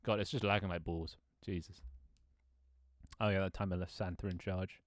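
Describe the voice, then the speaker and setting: A man in his twenties talks through his stream in a loose, rambling way, laughing at himself and swearing now and then. His voice sits very low. The sound is dry and close, captured on a desk microphone. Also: fairly even intonation, moderate pace, no echo. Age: 20s. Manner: rambling, self-mocking, laughs often, swears casually. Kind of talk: casual live-stream chat.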